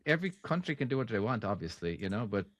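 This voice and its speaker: Man rambling on a casual podcast, lively voice swinging up and down, dry sound. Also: fairly low pitch, fast talker, no echo. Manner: rambling, lots of restarts and "you know". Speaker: podcast co-host. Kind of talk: casual chat. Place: America.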